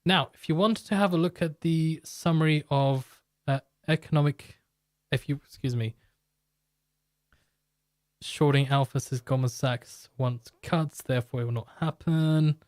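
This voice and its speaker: A man's voice: a little high, unhurried, a little mellow, no echo, studio quality. A man hosting a live market stream, explaining in a loose, rambling way and joking with chat viewers. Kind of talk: live market commentary and product pitch.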